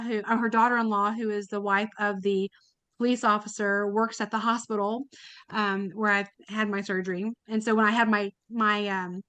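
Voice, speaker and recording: A woman's voice: medium pitch, sharp tone, no room sound. A woman guest on a podcast, telling a personal story in a chatty, emotional way with many fillers and restarts. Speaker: podcast guest, kidney donor. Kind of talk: casual storytelling.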